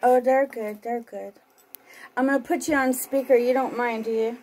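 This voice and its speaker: A woman slowly reading scripture aloud as host of a home broadcast, then chatting on the phone. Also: on the high side, steady tone, darkish tone, low-quality recording. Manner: slow, deliberate reading; chatty and laughing on the phone.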